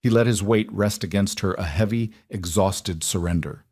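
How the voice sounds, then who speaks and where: A man with a fairly low voice narrating a period romance novel, close to the mic with a dry, deadened sound. His delivery is measured and dramatic, pacing the tension of the story. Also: darkish tone, no room sound. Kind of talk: audiobook narration.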